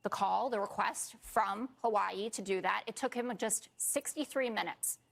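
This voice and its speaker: A woman's voice: medium pitch, moderate pace, gravelly, a bit bright. A woman commentator on a television panel, insistently laying out facts in order to make a pointed argument. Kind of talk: argued commentary on a talk panel.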